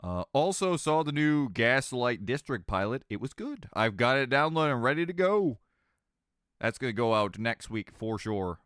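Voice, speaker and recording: A man's voice: on the low side, expressive, normal speed, a bit bright, clear, resonant tone, no room sound, clean studio sound. A man with a slight Southern American twang chatting casually with viewers on a live stream, rambling and joking and laughing between sentences. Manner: rambling, jokey, often laughing mid-sentence.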